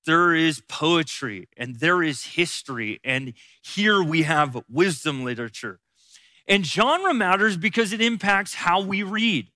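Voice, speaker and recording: A man with a high, bright voice leads a Bible teaching like a pastor. He speaks conversationally and repeats key phrases for emphasis, recorded close and dry. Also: measured pace, no room sound.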